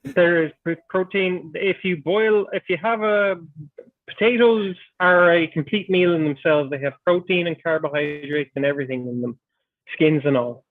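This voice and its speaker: A man's voice: on the high side, normal speed, no echo. A man hosting a livestream, chatting playfully and tripping over his words as he talks. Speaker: livestream host. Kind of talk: casual chat. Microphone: online call. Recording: tinny phone-like line.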